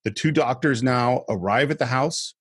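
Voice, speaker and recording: A man with a husky, slightly breathy voice talks casually about films on a podcast, walking through scenes and how they were shot. The recording is dry and close, with no room sound. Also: mid-range voice, moderate pace, no echo. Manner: explains film scenes and behind-the-scenes trivia. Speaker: film podcast co-host. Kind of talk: casual film discussion.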